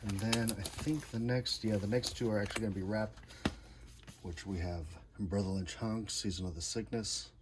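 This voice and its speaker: With noticeable background noise behind him, a man casually walks through his record collection in short, laid-back, repetitive, enthusiastic remarks. He speaks at normal speed in a lowish voice with fairly even intonation.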